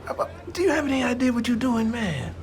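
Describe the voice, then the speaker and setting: A man's voice: extremely high pitch, sing-song, fast, heavily acted. A blunt, tactless cameraman. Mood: lecturing. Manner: blunt, matter-of-fact, tactless. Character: blunt, tactless film cameraman, adult male. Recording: film clip with music underneath.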